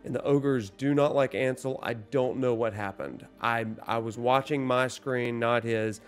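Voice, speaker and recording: A man's voice: mid-range voice, a little slow, soft background music. A man telling a casual, self-deprecating story about his game session, acting out the lines. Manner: animated storyteller, self-deprecating, acts out dialogue. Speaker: gaming vlogger. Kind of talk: casual gameplay recap.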